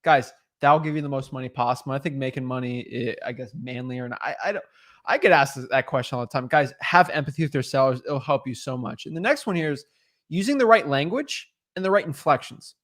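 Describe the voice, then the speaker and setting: A young man co-hosting a casual real estate coaching chat, animated and quick to act out sales pitches. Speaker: co-host, real estate wholesaler.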